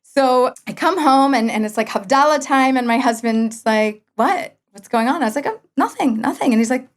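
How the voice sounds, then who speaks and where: On a podcast, a woman in her forties shares a personal story with high-pitched, moderately paced delivery. She brings the dialogue to life and keeps breaking into laughter.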